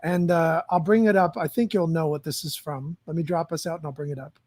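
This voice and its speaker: A man hosting a casual conversation about films, speaking in a measured, reflective way and often searching for words. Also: fairly high pitch, steady tone, a little mellow, dry recording. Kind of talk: casual film chat.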